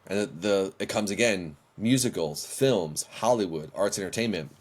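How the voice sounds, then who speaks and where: Middle-aged guy, lowish voice, telling a story on a podcast, acting out his old lines. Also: normal speed. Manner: animated, acts out his own past dialogue. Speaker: worship leader, guest.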